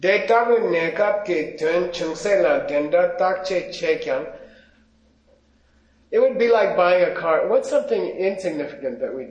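A man teaching a class on Buddhism, reading out Tibetan lines slowly and then explaining them in casual, joking English to his students. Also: high voice, animated. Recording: echoey, dull lo-fi room recording.

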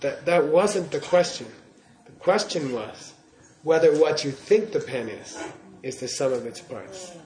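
Guy teaching buddhism to a class, joking around, bit high voice, echoey room. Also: lively intonation, a little slow, hardly any pauses, a little mellow, a little hiss or hum. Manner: playful, often checks in with "okay?" and laughs. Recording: roomy hall echo.

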